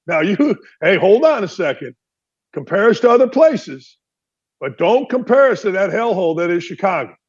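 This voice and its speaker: A man's voice: high-pitched, very animated, normal speed, breathy edge, lo-fi sound. A man from Indiana hosting a sports talk show, delivering an emphatic opinion monologue full of rhetorical questions.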